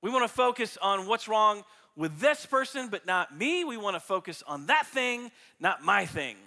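Guy preaching, bright sharp voice, jokey and animated, big reverb like a church hall. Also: high voice, normal speed. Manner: animated, jokey, acts out illustrations. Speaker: pastor. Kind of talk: sermon.

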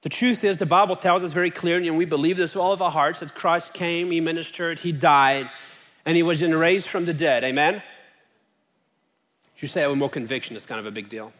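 A man's voice: on the high side, fairly quick, a bit bright. A man preaching a sermon in an earnest way, building up with rising questions. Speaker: pastor. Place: church sanctuary. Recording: long reverb of a church hall.

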